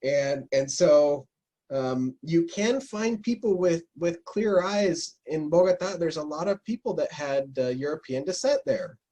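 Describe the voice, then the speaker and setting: A man telling lively anecdotes in a casual interview, slipping into imitations of the people he met. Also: fairly high pitch, a little slow. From North America. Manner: animated anecdotes, mimics Spanish speakers. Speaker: interview guest. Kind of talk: storytelling in casual conversation.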